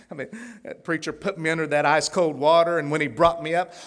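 A man from Tulsa, preaching a testimony sermon in a folksy storytelling way, laughing often and swinging between hushed and fervent. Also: fairly high pitch, little pitch movement, moderate pace. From Tulsa, Oklahoma.

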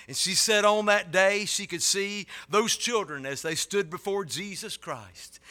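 Male preacher, high-ish and very bright, sermon that swells to impassioned peaks. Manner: builds to loud impassioned peaks, then drops low.

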